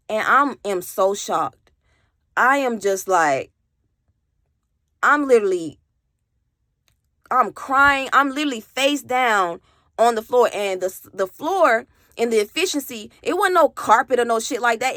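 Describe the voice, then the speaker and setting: A woman's voice: on the high side, lively intonation, unhurried, pauses often, pushed and bright, no echo, clean studio sound. A woman vlogger telling a personal story in a casual storytime monologue, emphatic, swearing freely and talking straight to her viewers. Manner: addresses viewers directly.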